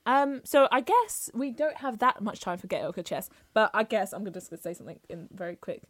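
Fast-talking young woman. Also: medium pitch, lively intonation, dry recording. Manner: chatty, giggly, lots of filler "like". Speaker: podcast co-host. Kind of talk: casual chat.

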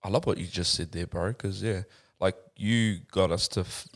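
Laid-back deep-voiced man. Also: fairly even intonation, moderate pace. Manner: laid-back, says like and bro a lot. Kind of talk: casual podcast chat.

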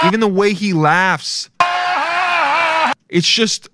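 A man's voice: medium pitch, normal speed, over loud music. A young adult man hosting a podcast, rambling and swearing as he rants in a loose, casual way, often breaking into laughter. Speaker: podcast host. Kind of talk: casual solo podcast rant.

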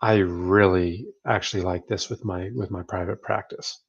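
A man with a fairly low voice talks through ideas in an easy, conversational way. He laughs often and keeps checking in with little asides. The recording sounds dull and lo-fi. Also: moderate pace, gravelly, breathy edge. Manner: relaxed, chatty, laughs often, many "right?" tags. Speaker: podcast co-host, therapist. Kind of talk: casual book discussion.

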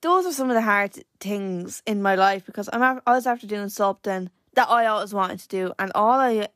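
Young irish girl chatting on her podcast, lots of likes and restarts, thoughtful, mid pitch, dead dry room. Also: brisk, a bit bright, dry recording. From Ireland. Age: late teens. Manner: hesitant and reflective, full of fillers and restarts. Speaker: podcast host. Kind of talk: personal podcast monologue.

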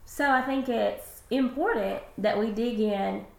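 A woman co-hosting a faith podcast, speaking with enthusiastic, heartfelt warmth. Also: a little high, measured pace, gravelly, echoey room. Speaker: podcast co-host. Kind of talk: casual faith podcast chat.

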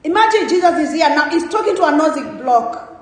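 A woman preaching a sermon in a church, asking rhetorical questions with emphatic rises and soft trailing endings. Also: high voice, animated, a little fast, slight background noise. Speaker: guest preacher. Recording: very echoey church hall.

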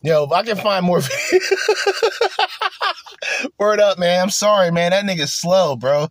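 A man doing casual reaction commentary, laughing and swearing in loose slang. His pitch swings widely as he gets worked up. The sound is close and dry, with no room around it. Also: unhurried, no echo. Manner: animated, laughing, profane slang.

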